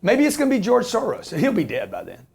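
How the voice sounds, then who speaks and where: A man's voice: sits high, huge pitch swings, fast, vocal fry, darkish tone, slight background noise. A man in his fifties who talks about real estate investing, emphatic and repetitive, often asking "okay?" and swearing as he jokes. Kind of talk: animated business talk.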